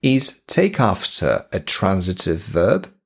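Polish-accented male teacher, low husky voice, lively pitch, unhurried. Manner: slow and deliberate, repeating examples. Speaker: English teacher. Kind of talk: podcast English lesson.

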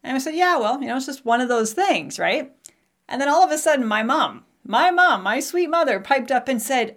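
A woman's voice: high voice, lively intonation, normal speed, a bit bright. A woman in her forties, a podcast host, telling a candid personal story and acting out remembered dialogue.

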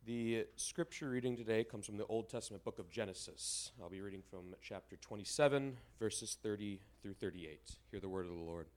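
Man reading scripture, low voice, slow and formal. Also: a little mellow. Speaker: scripture reader.

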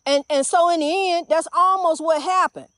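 A woman's voice: very high-pitched, normal speed, a bit bright, dry recording, studio quality. An older woman minister preaching fervently, repeating herself and calling her listeners honey. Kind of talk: inspirational preaching monologue.

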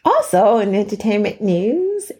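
Woman, podcast host, warm mellow tone, casual storytelling, laughs often, dramatic pauses. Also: medium pitch, very animated. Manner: chatty, laughs between phrases, dramatic pauses.

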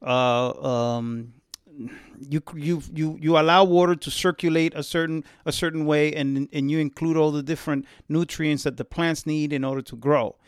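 A man co-hosting a casual discussion, explaining in halting bursts with many fillers. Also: on the high side, fairly even intonation, clear, resonant tone, dry recording, studio quality. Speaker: podcast co-host.

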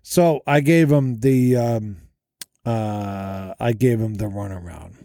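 A man's voice: on the low side, slow pace, warm tone, dry recording, clean studio sound. Chatty man telling stories from a hotel room. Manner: chatty, rambling, self-deprecating storyteller. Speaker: podcast host. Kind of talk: casual storytelling monologue. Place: hotel room with makeshift soundproofing. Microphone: podcast mic through an audio interface.

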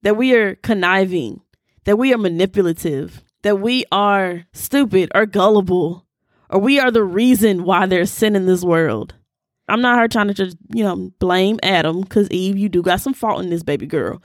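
A woman hosting a podcast, teaching scripture in a casual, animated way and talking straight to her listeners. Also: mid-range voice, moderate pace, dry recording, studio quality.

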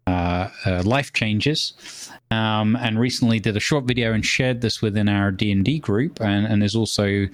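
A man co-hosting a podcast in casual chat, talking hesitantly with many pauses and restarts. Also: fairly low pitch, dry recording. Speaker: podcast co-host.

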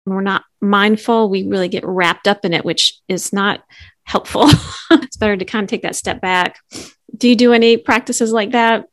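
A middle-aged woman coach speaking on a podcast, explaining mindfulness gently and earnestly, with light laughs. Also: medium pitch, fairly even intonation, moderate pace, no echo, clean studio sound. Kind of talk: conversational explanation.

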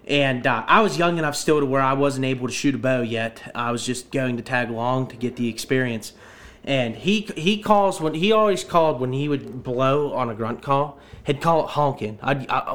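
A man's voice: medium pitch, a bit bright. A man hosting a casual hunting podcast chat, rambling and restarting his sentences. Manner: rambling, repeats words as he restarts.

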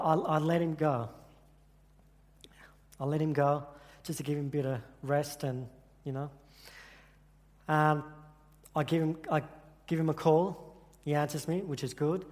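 An earnest man preaches to a congregation and stumbles over his words now and then with repeated restarts. His voice sits a little high for a man. The sound carries a long reverb from a big hall. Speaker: church speaker. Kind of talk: sermon with personal story.

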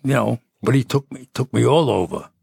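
A man's voice: mid-range voice, lively intonation, fairly quick, vocal fry, a little mellow, breathy edge, no echo. A man in his eighties from City, telling rambling stories as a podcast guest. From Jersey City, New Jersey. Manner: rambling, with frequent restarts and chuckles. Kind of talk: casual storytelling.

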